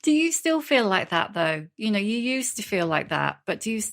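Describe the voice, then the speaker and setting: A woman hosting a podcast, asking short questions and reading a brisk scripted sign-off. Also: mid-range voice, big pitch swings. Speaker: podcast host. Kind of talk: interview and podcast outro.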